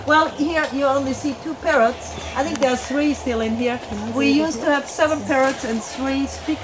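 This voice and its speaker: A woman, the founder of a wildlife sanctuary, explaining animals to a tour group in a lively, explanatory way. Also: high-pitched, moderate pace, noisy background. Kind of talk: outdoor guided tour talk. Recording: crowd chatter and animals behind.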